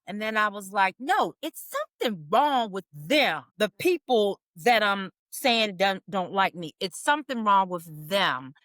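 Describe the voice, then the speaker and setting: A woman's voice: mid-range voice, lively intonation, measured pace, hardly any pauses, fairly bright tone, no room sound, studio quality. A woman co-hosting a podcast, talking in an effusive, heartfelt way and repeating herself as she goes. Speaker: podcast co-host. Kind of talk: emotional casual chat.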